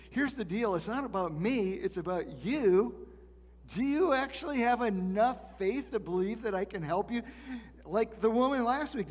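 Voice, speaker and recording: Guy preaching a casual bible sermon, fairly high voice, big echoey hall. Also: darkish tone, slightly rough. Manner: conversational Bible teaching, acting out quotes. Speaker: pastor.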